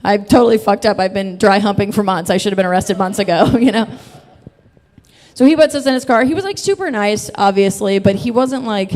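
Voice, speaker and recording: A woman's voice: mid-range voice, lively intonation, a little fast, darkish tone, in a large hall. Laughing, chatty woman telling a story. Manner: chatty, laughs often, swears freely. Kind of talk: live stage storytelling.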